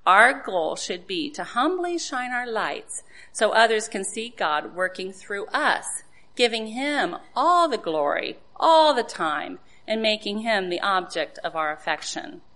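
Woman, devotional speaker, earnest sermon delivery, bright tone, middle pitch. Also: big pitch swings, unhurried. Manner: earnest, preaching with rhetorical questions and scripture citations.

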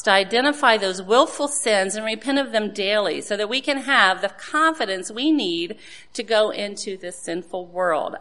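Woman, devotional speaker, earnest sermon delivery, bright tone, middle pitch. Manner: earnest, preaching with rhetorical questions and scripture citations.

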